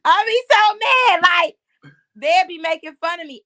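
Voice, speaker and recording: Animated bright-voiced woman telling stories. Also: high voice, moderate pace, no room sound, clean studio sound. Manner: animated, laughing, does voices. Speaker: podcast guest, businesswoman. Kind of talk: casual chat, storytelling.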